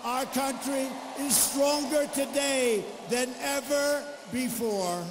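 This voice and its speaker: A man's voice: very high voice, slow, long reverb tail, noisy background. An older man giving a political rally speech, boastful and repetitive, full of off-the-cuff asides. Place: large arena rally.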